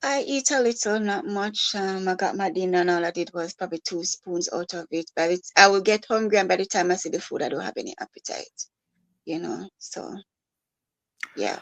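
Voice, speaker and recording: A grieving mother, talking softly and haltingly with many pauses and fillers. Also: mid-range voice, rough recording. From Jamaica. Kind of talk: live-stream conversation.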